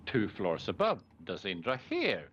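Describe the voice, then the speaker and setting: A man running a tabletop game, lively and quick to joke. His voice is bright and animated, moving all over its range. The sound is dull and lo-fi. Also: on the low side, a little hiss or hum. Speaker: game master.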